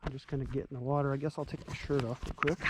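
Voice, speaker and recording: A man's voice: medium pitch, little pitch movement, very fast, heavy background noise. A man in his forties from California, chatting and joking at himself as he wades into a pond. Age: 40s. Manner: joking, self-mocking, chatty. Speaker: fishing vlogger. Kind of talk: casual outdoor chat. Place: outdoors at a pond, wading and swimming.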